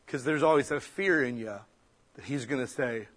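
Preaching man, loud then hushed. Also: mid-range voice, moderate pace. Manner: conversational preaching, swinging between loud emphasis and soft near-whispers. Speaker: pastor. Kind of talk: sermon.

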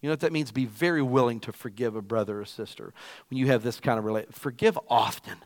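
Emphatic casual preacher, man. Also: quick pace. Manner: big swings between loud bursts and quiet, low asides. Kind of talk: sermon.

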